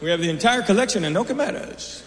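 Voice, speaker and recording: Talking fast with lively intonation and a high pitch, a middle-aged man works through a stand-up set on a large hall stage. His stories are dry and conversational, peppered with asides to the audience. The sound is reverberant and faintly noisy.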